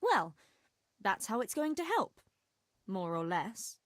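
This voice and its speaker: An actress voicing a lovesick young village girl in a video game, talking slowly and wistfully. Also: mid-range voice, sing-song, dry recording, clean studio sound. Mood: dreamy. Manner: slow, wistful storytelling.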